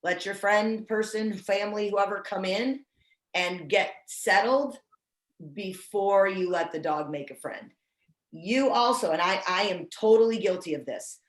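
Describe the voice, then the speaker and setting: A woman's voice: mid-range voice, measured pace. Chatty woman on a roomy video call. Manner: chatty, self-deprecating, restarts often. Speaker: service dog trainer. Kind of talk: casual online training talk.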